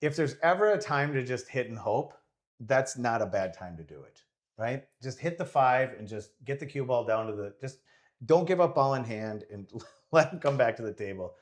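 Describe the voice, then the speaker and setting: A man's voice: mid-range voice, expressive, normal speed. A man giving casual live commentary on a pool match, rambling and joking as he thinks aloud about the shots.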